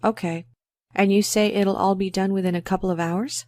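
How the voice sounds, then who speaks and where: A woman's voice: mid-range voice, fairly even intonation, normal speed, darkish tone, dry recording, clean studio sound, close to an everyday voice. A woman playing a worried dog owner in a scripted exam listening dialogue, chatty and a little embarrassed. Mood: talkative worried. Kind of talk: scripted exam role-play.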